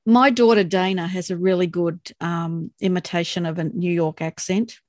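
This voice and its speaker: A woman's voice: lowish voice, fairly even intonation, moderate pace, darkish tone, dry recording, clean studio sound. A woman, co-hosting a casual podcast chat, asking trivia questions and giggling often. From Australia. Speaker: podcast co-host.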